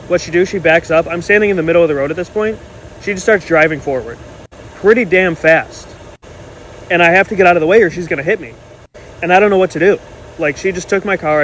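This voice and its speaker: A man's voice: on the high side, rough recording. Indignant man telling a dating story. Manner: animated, indignant retelling. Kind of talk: casual storytelling to camera. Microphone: phone camera. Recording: faint background noise.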